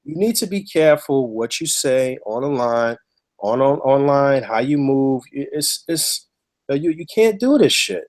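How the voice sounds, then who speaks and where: A man's voice: medium pitch, lively intonation, unhurried, darkish tone. A man hosting a podcast, telling a story in a heated, emphatic, profane way. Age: adult with a child. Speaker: podcast host.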